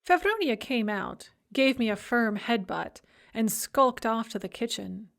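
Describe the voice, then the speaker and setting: Brief: female audiobook narrator, wry and dry, voice a bit higher than average. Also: animated, a little slow, creaky, a bit bright. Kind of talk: scripted first-person audiobook narration.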